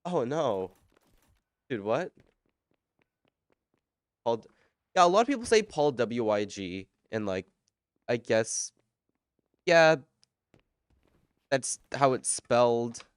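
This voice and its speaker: A man on a live game stream, talking casually and rambling as he answers chat between moves. His voice is smooth and clean, close to a desk mic with almost no room sound. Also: medium pitch, very animated, takes it slowly, long pauses, no echo.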